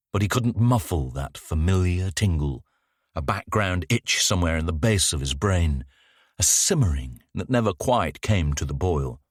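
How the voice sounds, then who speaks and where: Deep-voiced male audiobook narrator. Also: breathy edge, dry recording, studio quality. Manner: measured, descriptive storytelling. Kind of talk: scripted narration.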